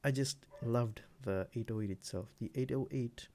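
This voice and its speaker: A man producing music, walking through his own beat in a relaxed, rambling way, with many fillers and restarts. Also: mid-range voice, normal speed. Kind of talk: casual screen-recorded tutorial.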